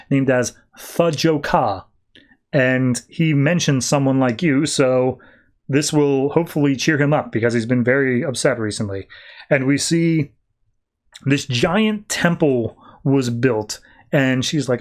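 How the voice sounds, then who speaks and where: A man casually recapping a comic book on a podcast, slipping into quick, higher put-on voices for the characters. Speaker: podcast host.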